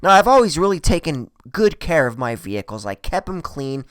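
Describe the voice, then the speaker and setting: A man's voice: a little high, a little fast, no echo, clean studio sound. A man telling a true story in a casual, profane way, acting out the voices of the people in it. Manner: profane, animated, acts out quoted voices.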